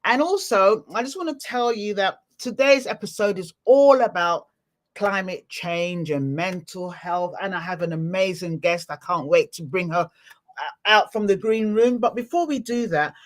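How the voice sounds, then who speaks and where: An effusive woman opens her live-streamed podcast, piling up repeated words for emphasis. Her voice sits at an ordinary middle pitch. She speaks in a warm, motivational, talk-to-the-listener way. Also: animated, moderate pace. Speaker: podcast host.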